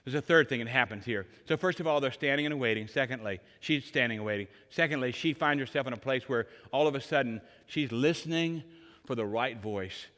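A man in his sixties preaching an Easter sermon, telling stories and swinging between loud emphatic lines and hushed ones, in a large church. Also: medium pitch, brisk. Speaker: pastor. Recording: long hall reverb.

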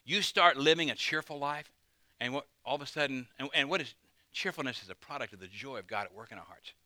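A man's voice: medium pitch, fast, bright, forceful tone, no echo. A man, a pastor, preaching a conversational sermon with dramatic emphasis.

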